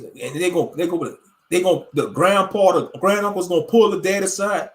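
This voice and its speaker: A high-voiced man speaks briskly as an online show host, delivering a ranting monologue. He is blunt, profane, and emphatic, leaning on plenty of filler words.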